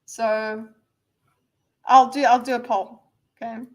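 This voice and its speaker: A woman's voice: a little high, flat delivery, slow pace, darkish tone. A woman hosting a casual livestream, rambling and reading viewers' messages aloud with lots of fillers and restarts. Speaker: livestream host.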